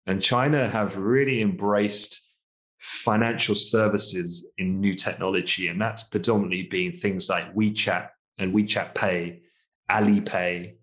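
A man co-hosting a finance podcast, talking in a relaxed, chatty way and asking tag questions like "isn't it?". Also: sits low, measured pace. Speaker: co-host, markets commentator. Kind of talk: casual podcast discussion.

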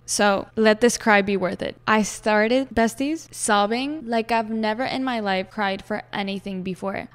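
Smooth-voiced woman podcast host, candid. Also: mid-range voice, a bit bright. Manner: candid, emphatic, repeats phrases, swears casually. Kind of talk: personal storytelling monologue. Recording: long reverb.

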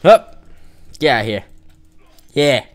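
A man's voice: mid-range voice, big pitch swings, takes it slowly. A man giving casual let's-play commentary, teasing and joking with the game's characters as he plays. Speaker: gamer playing an online role-playing game.

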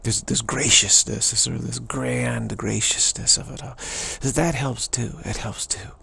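A man giving a rambling, animated spiritual talk, slipping into different characters' voices as he goes. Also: mid-range voice, unhurried, vocal fry, breathy edge. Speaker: spiritual teacher.

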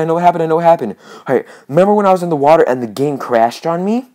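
A woman giving let's-play commentary, excitable and casually swearing, with lots of repeated phrases. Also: deep voice, rapid-fire. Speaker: gaming channel host.

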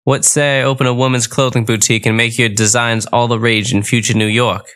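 Guy reading a goofy fairy tale audiobook, first person, breezy and deadpan, bright clear voice. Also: medium pitch, a little fast. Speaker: audiobook narrator. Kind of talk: first-person comic storybook narration.

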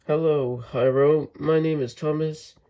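A man's voice: a little high, fairly even intonation, unhurried, warm tone, highs cut off. A man doing an eager little tank engine. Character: cheerful helpful young male tank engine. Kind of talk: storybook read-aloud.

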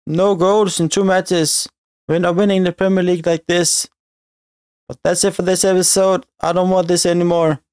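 A man's voice: high voice, level tone, moderate pace, darkish tone, smooth, no echo, clean studio sound. A man giving live, chatty commentary over a football video game as a gaming video creator, grumbling at the referee and his players.

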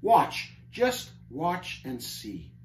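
A man voicing a calm, gently amused wise guide, reading a storybook aloud. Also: fairly high pitch, extremely slow, reverberant, exaggerated voice.

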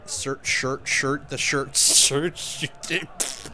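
A young gameplay commentator does let's play commentary, joking, laughing a lot and tossing in crude asides as he plays. His voice is high-ish, bright and forceful at a slow pace, with background noise in the recording.

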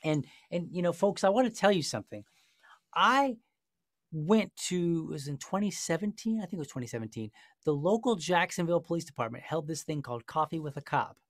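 A man's voice: a little high, animated, a little fast, no room sound, studio quality. A man hosting a podcast discussion, telling a story in a passionate, sarcastic way. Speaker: podcast host. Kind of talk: casual discussion.

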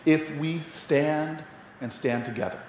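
A man's voice: a little high, slow pace. A man giving an inspirational gala speech from a podium, stumbling over repeated words and building to rousing refrains. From United States. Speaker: mayor, gala speaker. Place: large banquet hall. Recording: echoey hall, faint noise.

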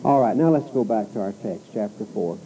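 A man's voice: fairly low pitch, a little fast, warm tone, a little hiss or hum, rough recording. A man preaching an expository sermon, reading scripture with rising emphasis and turning to the listeners with conversational asides and rhetorical questions.

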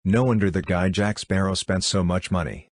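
A man's voice: sits low, steady tone, normal speed, no echo. A male audiobook reader voicing greedy, bold male pirates who talk in a blustering, persuasive way. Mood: eager. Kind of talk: audiobook character reading.

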